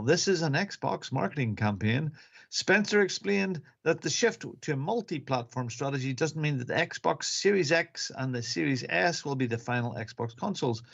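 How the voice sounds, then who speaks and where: A man with a fairly high-pitched, creaky voice presents gaming news on a podcast, slipping wry jokes into the reports. He's on a computer mic for a live stream, and the recording sounds muffled.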